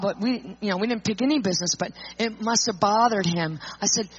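A woman speaker telling an animated personal testimony to an audience, acting out the people in it. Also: medium pitch, fast, few pauses, breathy edge. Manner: animated storyteller, acts out quotes. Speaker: Christian speaker. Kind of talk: storytelling testimony. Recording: muffled lo-fi recording.

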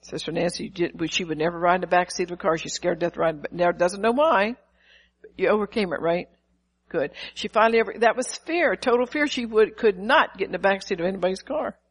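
A woman's voice: lowish voice, fairly quick, breathy edge, rough recording. Older woman pastor preaching. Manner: lively preaching with rhetorical questions and acted-out quotes. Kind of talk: sermon.

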